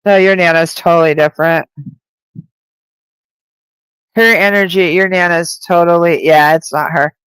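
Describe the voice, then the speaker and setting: A woman's voice: lowish voice, steady tone, moderate pace, pauses often, a bit bright, clear, resonant tone, no room sound, poor audio. A woman working as a psychic medium who gives a live-streamed spirit reading. She talks in a chatty, rambling way, full of "like," with light laughter.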